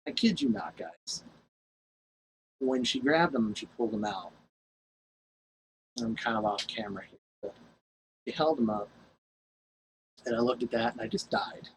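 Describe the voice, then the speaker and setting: A man's voice: mid-range voice, lively intonation, normal speed, pauses often, a little hiss or hum, rough recording. A man vlogging to his camera at home, telling a story casually in a rambling, profane way and laughing at himself.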